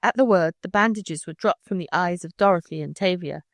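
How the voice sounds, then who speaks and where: A woman narrating a children's novel audiobook in a measured, expressive way. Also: fairly low pitch, no echo. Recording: dry close studio sound.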